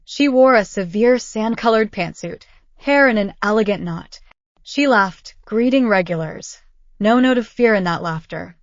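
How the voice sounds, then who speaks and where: Measured older woman narrating a story. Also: mid-range voice, animated, dry recording. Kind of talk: scripted first-person story narration. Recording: dull dry lo-fi audio.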